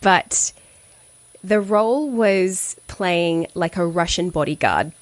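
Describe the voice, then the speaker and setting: A woman from Australia chats as a guest, rambling through a story and pausing to hunt for a forgotten name. Her voice sits a little low. The sound is dry and close, with no room behind it. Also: dry recording. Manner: rambling, searching for names mid-story. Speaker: guest, actor and voice-over artist. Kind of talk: casual interview chat.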